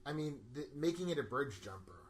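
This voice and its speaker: A man co-hosting a casual podcast, rambling excitedly about a film, often laughing and quoting lines from it. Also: on the high side, brisk, slight background noise. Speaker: podcast co-host. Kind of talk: casual movie discussion.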